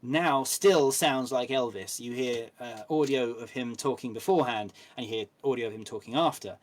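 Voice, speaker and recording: A man with an English accent, an actor guest telling anecdotes in a relaxed interview chat with frequent ums. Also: medium pitch, moderate pace.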